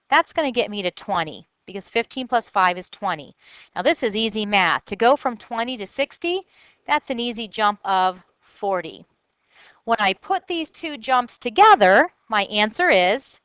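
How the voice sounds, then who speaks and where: A woman's voice: a little high, fairly bright tone, smooth, no echo, rough recording. A woman teacher recording a math lesson for children, thinking aloud step by step in an upbeat way.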